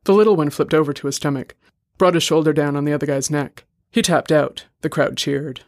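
Man narrating a story, fairly high voice. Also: fairly even intonation, brisk, no room sound, studio quality. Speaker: story reader. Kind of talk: scripted narration.

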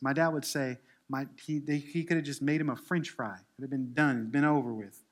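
A man preaching a sermon as pastor, mixing relaxed asides with forceful scripture reading. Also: mid-range voice, fairly quick, few pauses. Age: adult. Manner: reads scripture aloud with rising force; conversational asides with self-deprecating humor.

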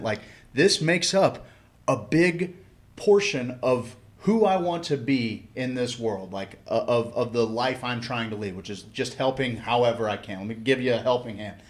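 A man's voice: medium pitch, normal speed. A man co-hosting a podcast, talking in an earnest, reflective and somewhat wordy way. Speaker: podcast co-host. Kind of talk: casual chat.

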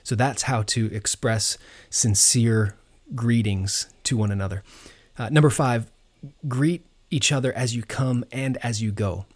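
Earnest man preaching a sermon. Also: mid-range voice. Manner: earnest, measured teaching with frequent uh fillers and restarts. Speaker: pastor.

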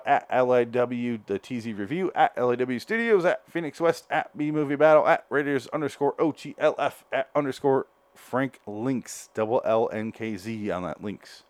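A breathless man, host of a solo podcast, reviews an episode in a joking, meandering way that keeps correcting itself. His medium-pitched voice comes through with no echo.

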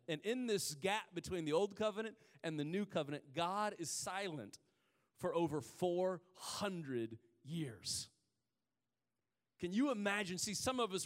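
High-voiced pastor in a reverberant hall. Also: male voice. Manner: conversational storytelling, drawn-out emphatic pauses. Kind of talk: sermon.

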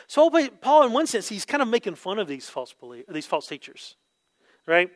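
A man's voice: sing-song, brisk. A man preaching a conversational sermon, often asking "right?" and acting out quoted voices. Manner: acts out quotes with sudden pitch jumps. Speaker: pastor. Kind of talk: expository sermon.

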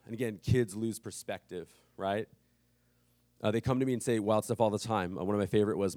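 A man's voice: lowish voice, animated, moderate pace, long pauses, a little mellow, dry recording, studio quality. Man preaching with casual humor. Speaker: pastor. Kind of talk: sermon.

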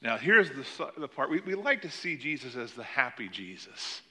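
A man preaching a sermon, retelling a parable with animated emphasis. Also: mid-range voice, moderate pace. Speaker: pastor.

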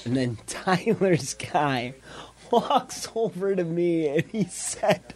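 A man's voice: sits high, animated, slow pace, a little mellow. A young man co-hosting a podcast, chatting in a laid-back way and laughing at his own stories. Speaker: podcast co-host. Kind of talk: casual chat.

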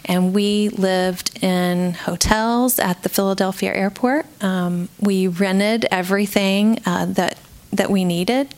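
A woman's voice: medium pitch, a little mellow. Woman, mid-range voice, candid and reflective faith testimony with the odd light laugh. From Georgia, USA. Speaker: speaker sharing a personal testimony.

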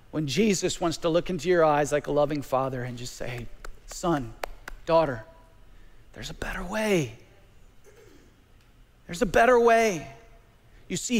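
A man preaching a sermon as pastor, calling for amens and dropping to a hush at times. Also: sits high, long reverb tail. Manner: call-and-response preaching, swinging from loud to hushed.

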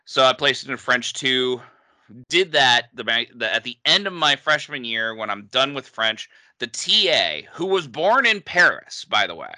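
A man's voice: mid-range voice, sing-song, measured pace, bright, forceful tone, dry recording. A man from New England telling a funny story in a casual chat as podcast co-host, laughing often.

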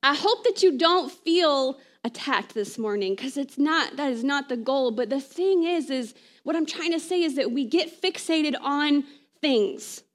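Woman preacher, very high voice, chatty sermon, keeps asking "right?". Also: expressive. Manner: conversational, often asks "right?"; reads scripture aloud, slowing down.

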